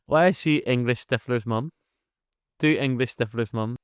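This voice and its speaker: A man co-hosting a casual chat podcast, animated, swearing freely and laughing often. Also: mid-range voice, normal speed, a little hiss or hum. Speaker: podcast co-host.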